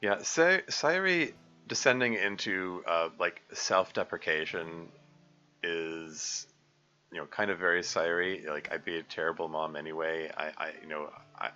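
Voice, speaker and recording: Rambling man with a bright tone. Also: deep voice, unhurried. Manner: rambling, hesitant, many fillers. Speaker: game developer streaming commentary. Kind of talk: casual live commentary. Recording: dull lo-fi recording with faint music.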